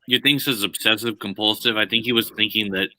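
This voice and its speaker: A man's voice: fairly low pitch, fairly even intonation, brisk, bright, forceful tone, rough recording. A man chatting casually on a gaming talk show, jokey and talking between bites. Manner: chatty, jokey, talks while eating. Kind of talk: casual chat.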